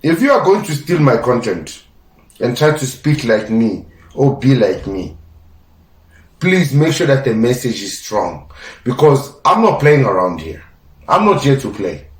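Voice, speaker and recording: A man's voice: mid-range voice, sing-song, measured pace. A young adult man hosting his own podcast, talking in an emphatic, lecturing way that repeats his points. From South Africa. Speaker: podcast host. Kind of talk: casual opinion podcast monologue. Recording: roomy sound from a distance.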